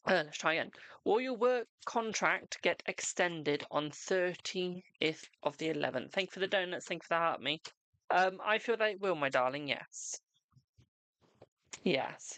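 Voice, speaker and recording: A man's voice: high-pitched, pushed and bright, smooth, dry recording. A man hosting a live tarot reading stream, chatting casually with viewers and calling them darling and boo.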